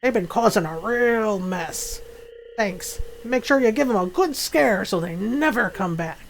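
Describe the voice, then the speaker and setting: A woman's voice: mid-range voice, expressive, a little slow, slight background noise. A woman reading aloud the lines of a shy old hermit man from a farming game, in her own voice. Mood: pleading.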